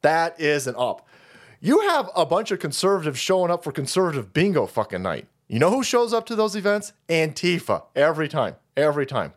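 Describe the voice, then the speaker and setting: Male streamer host, profane mocking ranter with a lively, high voice. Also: moderate pace. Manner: foul-mouthed, mocking, heated ranting. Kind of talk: profane political rant on a livestream.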